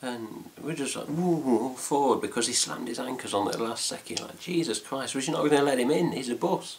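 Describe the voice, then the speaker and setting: A man's voice: medium pitch, fairly quick, gravelly, a little hiss or hum. A man with an English accent chatting casually to camera about a trip, rambling with fillers and mild swearing. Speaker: fan site vlogger. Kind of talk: casual chat.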